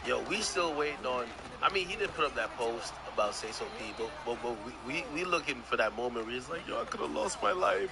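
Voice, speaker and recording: A man's voice: mid-range voice, expressive, fast talker, few pauses, background noise. A man with a Jamaican accent telling a rambling, profane story to his stream, often repeating words as he goes. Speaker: streamer host. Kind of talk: casual storytelling chat.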